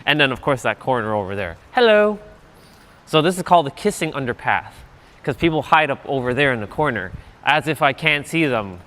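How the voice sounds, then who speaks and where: A man at an average pitch, out walking a trail in winter with his phone in hand. He chats loosely and swears freely as he tells stories to his livestream, laughing as he goes. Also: expressive, a little fast, a bit bright. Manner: loose, profane, chatty, laughs often. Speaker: vlogger livestreaming a walk. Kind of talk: casual rambling storytelling.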